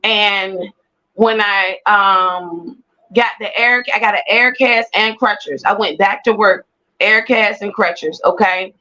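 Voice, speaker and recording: A woman telling her personal testimony as an animated storyteller who repeats phrases for emphasis. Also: mid-range voice, slow pace, poor audio. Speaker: guest sharing a personal testimony.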